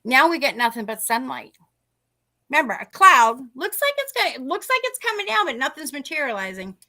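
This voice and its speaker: Very animated and fairly quick, this middle-aged woman speaks in a high, sharp voice. As a guest on a podcast, she tells a paranormal tale in casual talk, performing the voices of the people she quotes.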